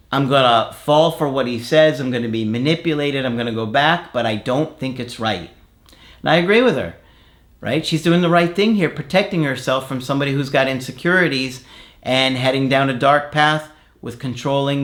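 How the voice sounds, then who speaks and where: A man's voice: mid-range voice, fairly bright tone. A man working as a relationship coach, frankly and emphatically giving advice in answer to viewer comments.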